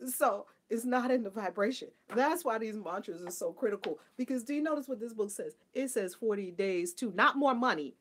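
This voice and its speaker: Lively, laughing woman spiritual host. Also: a little high, fairly quick, few pauses. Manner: laughs often, animated and playful; mimics people in a flat, dutiful voice. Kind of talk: casual spiritual talk to viewers.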